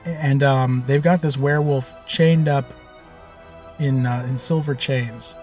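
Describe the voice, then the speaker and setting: A man telling the story of a tabletop game he ran as game master, in a loose, animated way with lots of fillers and casual swearing. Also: mid-range voice, takes it slowly, soft background music.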